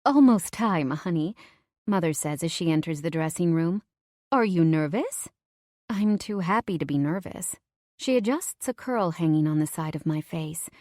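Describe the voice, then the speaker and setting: A woman narrating a first-person romance audiobook in a studio, expressive and dropping to whispers for inner thoughts. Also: deep voice, normal speed, no room sound.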